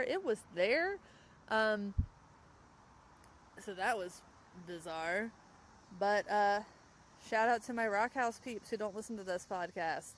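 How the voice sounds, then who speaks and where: A young woman hosting a podcast in casual chat, rambling and quick to laugh. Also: mid-range voice, a little hiss or hum, poor audio. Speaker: podcast host. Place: outdoors, in a parked car.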